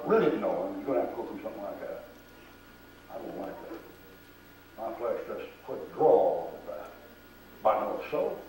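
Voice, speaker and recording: Preaching a sermon in church, an older man tells folksy stories and acts out the voices of the people in them. His mid-range voice is a little mellow. A far camera picked him up from a distance, with a roomy echo and slight background noise.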